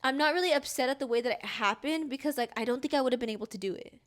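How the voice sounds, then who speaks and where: Young woman, higher voice, rambling storyteller. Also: racing. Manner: rambling, heavy use of "like", acts out quoted dialogue. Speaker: podcast co-host. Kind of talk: casual personal storytelling.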